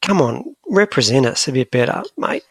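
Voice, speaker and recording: Man, podcast co-host, gravelly voice, lively up-and-down pitch, jokey rambling chat. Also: normal speed, dry recording. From Scotland. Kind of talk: casual chat.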